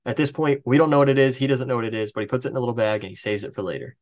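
A man with a mid-range voice casually recapping a movie plot on a podcast, reading from his notes. He talks over a headset, loose and chatty, throwing in swears and quick jokes to his co-host. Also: medium pitch, fairly even intonation, darkish tone.

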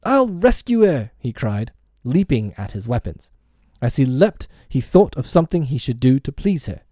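Mellow-voiced man reading a storybook. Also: mid-range voice, big pitch swings, normal speed, dry recording, studio quality. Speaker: audiobook reader. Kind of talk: storybook narration.

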